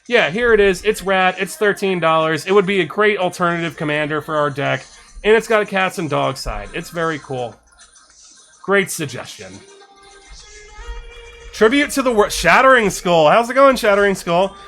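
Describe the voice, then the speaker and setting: A bright-voiced man chatting on a live stream, his pitch sitting a little high. He thanks followers and reads out text in quick, excited bursts. Soft music plays faintly behind him. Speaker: streamer reviewing card suggestions. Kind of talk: casual live-stream chat. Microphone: desk microphone.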